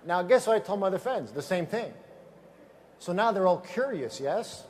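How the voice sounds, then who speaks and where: A man giving a motivational seminar talk to a live audience, telling lively stories and asking the room questions. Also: high voice, moderate pace, slight background noise. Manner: energetic storyteller, asks the audience questions. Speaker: business trainer.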